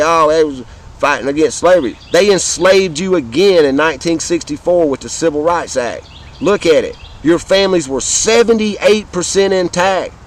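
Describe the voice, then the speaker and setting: A man in his fifties with a thick Southern drawl speaks outdoors in an impassioned, rambling monologue. He swears freely and stumbles over repeated words. His voice sits a little higher than most men's. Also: low-quality recording. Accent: Southern American. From Southern United States. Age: 50s. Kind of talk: casual monologue to camera.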